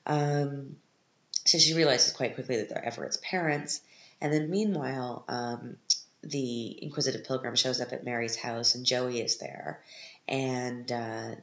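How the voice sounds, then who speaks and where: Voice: mid-range voice, fairly even intonation, unhurried, roomy sound, dull audio. A podcast host giving a casual, sarcastic recap of a film, sounding exasperated with it.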